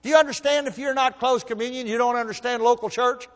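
A man preaching a sermon, telling folksy stories and swinging from soft asides to loud emphasis. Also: very high voice, fairly even intonation, quick pace, long reverb tail. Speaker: pastor.

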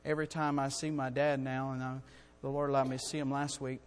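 A middle-aged man preaching a sermon in a church, earnest and building to loud, urgent storytelling. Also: mid-range voice, little pitch movement, quick pace, slight background noise. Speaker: guest preacher. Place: church sanctuary. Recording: long hall reverb.

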